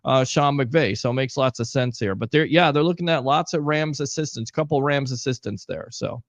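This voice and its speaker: A man's voice: medium pitch, normal speed, no echo. A man co-hosting a sports talk show, emphatic and repeating points for stress. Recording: dull lo-fi stream audio.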